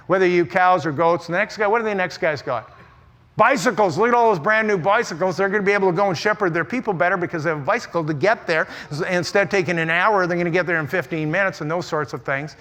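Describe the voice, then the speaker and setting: A man preaching in a large church auditorium, his voice sitting high and ringing bright. He delivers an energetic conference sermon with humor and punchy emphasis, doubling back on words as he goes. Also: quick pace. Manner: humorous, emphatic, often repeats words and restarts. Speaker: pastor speaking at a church conference.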